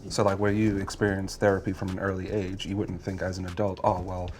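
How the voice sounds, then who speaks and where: A man from the United States, speaking calmly and thoughtfully in a casual group discussion. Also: low voice, fast talker, soft background music.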